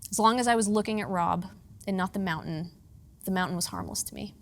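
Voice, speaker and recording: Female preacher, 30s, from the Pittsburgh area; lively storyteller with a wry, self-deprecating streak. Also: medium pitch, fairly quick. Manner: lively, self-mocking humor with earnest hushed moments. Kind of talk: storytelling sermon.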